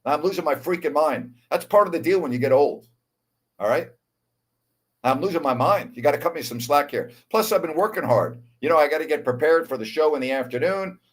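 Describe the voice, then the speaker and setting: A man in his sixties hosting a live sports talk show, wound up and excitable, calling game action and chatting while repeating himself. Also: on the high side, a little fast. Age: 60s. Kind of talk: live show, chat with calls of a basketball game.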